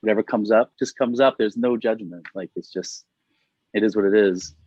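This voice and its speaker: A man's voice: fairly low pitch, normal speed, a little mellow, husky, dry recording. A middle-aged man in a casual interview over a video call, rambling, filling his talk with "like" and laughing often. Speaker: interview guest. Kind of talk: casual conversation. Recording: dull, dry audio.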